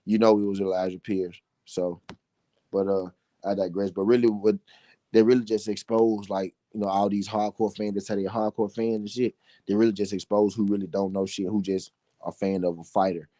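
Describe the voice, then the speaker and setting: Blunt, profane Southern boxing talk host. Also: male voice, lowish voice, flat delivery, moderate pace, warm tone, dry recording. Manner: blunt, repetitive, heated and profane. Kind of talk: profane solo boxing commentary.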